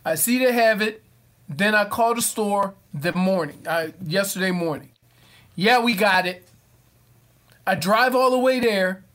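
A man co-hosting a sports radio show, telling stories in an animated, casual way. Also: high-pitched, measured pace. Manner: animated storyteller. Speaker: radio co-host.

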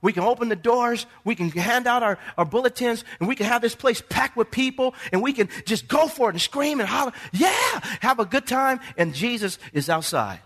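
A male pastor delivers a fervent sermon in a church sanctuary, calling out to the congregation for responses. His voice sits high and bright, with wide, lively swings in pitch as he moves from hushed tones to shouts. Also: a little fast, few pauses. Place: church sanctuary during a service.

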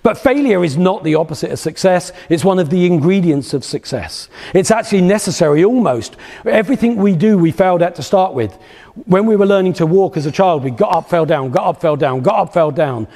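A business speaker gives a live motivational talk in a lecture hall, his high voice animated, brisk, creaky and mellow. He spins anecdotes and repeats phrases rhythmically, and the room adds long reverb.

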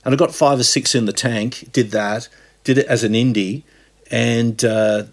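Husky Australian man, animated storyteller. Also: mid-range voice, normal speed. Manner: animated storyteller, repeats words. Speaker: podcast guest. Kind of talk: casual chat.

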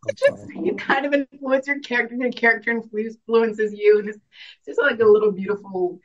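A woman's voice: a little high, brisk, lo-fi sound. A young adult woman, an actress guest, talking casually and earnestly in an interview, reflective, with frequent restarts and laughs.

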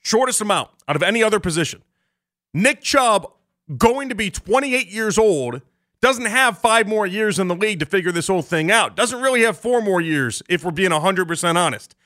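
High, bright-voiced sports radio host. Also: male voice. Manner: animated, rapid-fire, jokey rants. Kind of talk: sports talk radio monologue.

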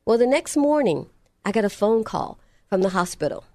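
A woman's voice: medium pitch, sing-song, moderate pace, mellow, dry recording, clean studio sound. A middle-aged woman telling a personal testimony story in an earnest, emphatic way, repeating phrases for effect.

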